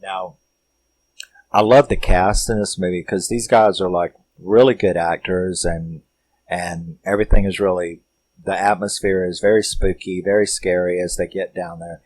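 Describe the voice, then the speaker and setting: Male film reviewer, very low voice, dry close recording, rambling and sweary. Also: steady tone, normal speed, darkish tone, dry recording, low-quality recording. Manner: rambling, profane, laid-back storytelling. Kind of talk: casual movie recap.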